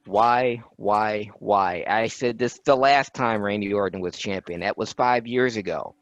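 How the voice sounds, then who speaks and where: A man's voice: fairly low pitch, measured pace, no echo, lo-fi sound. A man on a casual wrestling podcast, ranting in exasperation and repeating his questions.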